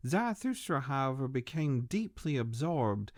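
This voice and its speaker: A man hosting a philosophy podcast, reading a book aloud in a slow, measured way. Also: mid-range voice, big pitch swings.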